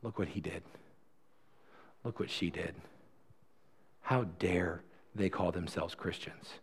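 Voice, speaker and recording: A preacher voicing a sneering devil who whispers accusations in the ear, in a hushed, low, contemptuous tone. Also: male voice, takes it slowly. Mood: accusing.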